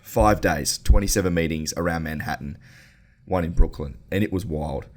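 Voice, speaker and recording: Deep-voiced, laid-back host. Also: male voice, normal speed. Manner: relaxed, laid-back, casual swearing. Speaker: podcast host. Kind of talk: casual chat.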